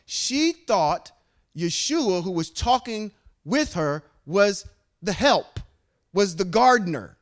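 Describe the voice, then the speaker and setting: Higher-voiced man teaching scripture. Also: expressive, takes it slowly. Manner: reads scripture aloud, stops to explain and ask the group. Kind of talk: bible study teaching.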